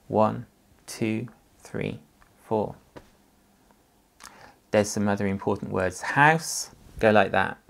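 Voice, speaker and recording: Slow, gravelly teacher. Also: male voice, fairly low pitch. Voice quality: patient, encouraging instructions to young children. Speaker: primary school teacher. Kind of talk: storytelling lesson with actions.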